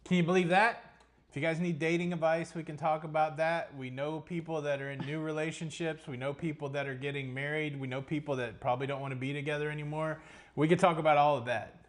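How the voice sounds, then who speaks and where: A man's voice: on the high side, little pitch movement, fast. A man co-hosting a casual live cruise question-and-answer stream, rambling and full of puns. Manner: jokey, rambling, punning.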